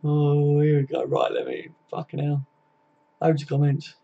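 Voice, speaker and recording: A man's voice: fairly high pitch, flat delivery, a little slow, creaky, mellow, muffled recording. A young man hosting a casual live stream, reading viewer comments aloud in a chatty, laddish way and swearing freely.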